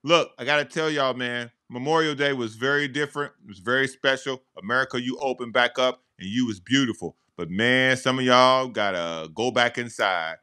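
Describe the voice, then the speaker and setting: A man co-hosting a sports talk show, delivering a loud, preachy comic rant. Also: mid-range voice, normal speed, hardly any pauses, clear, resonant tone. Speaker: co-host. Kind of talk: sports radio banter.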